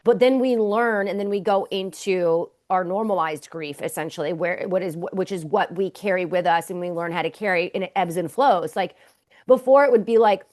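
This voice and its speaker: A woman hosts a podcast in casual conversation. Her voice sits mid-pitch, and she talks candidly and chattily, trailing off into fillers as she thinks. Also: normal speed. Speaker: podcast host.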